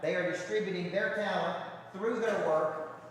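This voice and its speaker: In a large hall before a live audience, a man with a high voice coaches the crowd at a seminar, emphatic and forever repeating rhetorical check-ins. His intonation is fairly even and his pace normal, heard from far off in an echoey room with slight background noise.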